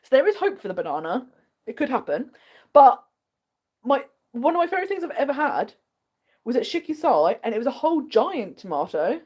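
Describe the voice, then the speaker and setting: A woman's voice: high-pitched, very animated, a little fast, a little mellow, husky. An English woman hosting a casual livestream, chatting in a bubbly way and answering viewer comments. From England. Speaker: host.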